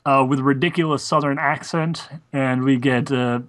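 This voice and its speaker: Man, podcast co-host, casual chat, talkative, mid pitch. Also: steady tone, moderate pace, a bit bright. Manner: talkative, explains at length.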